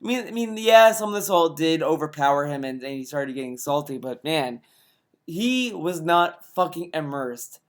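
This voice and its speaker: A man's voice: on the high side, lively intonation, moderate pace. Exasperated, sweary man ranting. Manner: exasperated, sarcastic, heavy swearing. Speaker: commentator reacting to a video. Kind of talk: profane reaction commentary.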